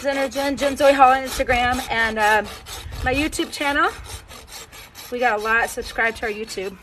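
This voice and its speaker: A woman's voice: on the high side, moderate pace, fairly bright tone, slight background noise, poor audio. A woman from Missouri, a horse trainer talking casually to camera outdoors while trimming her horse's hoof, joking and folksy.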